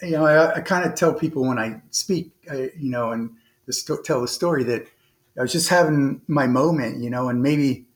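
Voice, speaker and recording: Rambling former naval officer telling a story. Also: male voice, mid-range voice, moderate pace. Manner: rambling, frequent restarts and fillers; earnest, animated retelling with quoted dialogue. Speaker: podcast guest. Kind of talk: conversational storytelling.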